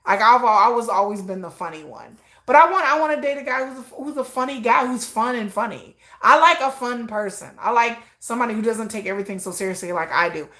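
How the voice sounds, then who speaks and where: Talking fast with hardly any pauses, this middle-aged livestream host has a slightly high, pushed and bright voice. Her casual chat rambles and pokes fun at herself, and she plays both parts in remembered conversations.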